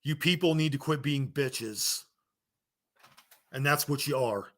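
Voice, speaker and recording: A man in the middle of an angry rant, blunt and profane as he scolds his audience. His pitch sits squarely in the middle, and he keeps hammering the same points. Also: takes it slowly, fairly bright tone. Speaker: wrestling commentary vlogger.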